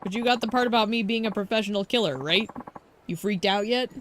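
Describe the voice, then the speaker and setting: A woman's voice: medium pitch, fast, a bit bright, a little hiss or hum, close to an everyday voice. A woman reading the lines of a cocky male street thug who calls himself a killer, taunting and swaggering. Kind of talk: reading game dialogue aloud.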